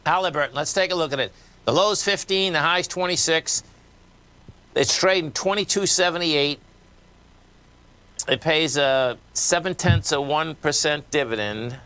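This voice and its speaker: A man's voice: a little high, a little slow, pushed and bright, smooth. A man with a Boston accent hosting a live radio market show, talking casually and folksily as he reads numbers off charts. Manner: casual, folksy, talks while reading charts.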